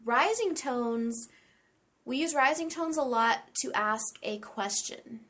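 A woman teaching English pronunciation in a relaxed chat, explaining with lots of examples. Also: a little high, slow, slight background noise. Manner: explains with many examples and light laughter.

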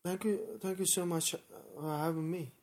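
A man from Mongolia with a Mongolian accent, a guest answering interview questions in halting English and dropping small words. His first language is Mongolian. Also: fairly high pitch, fairly even intonation, a little mellow.

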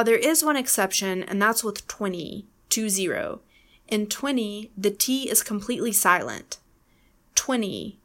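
A woman's voice: medium pitch, a bit bright. American woman teaching pronunciation. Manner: clear, deliberate, demonstrates words by repeating them slowly. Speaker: podcast co-host, English teacher. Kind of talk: scripted pronunciation lesson.

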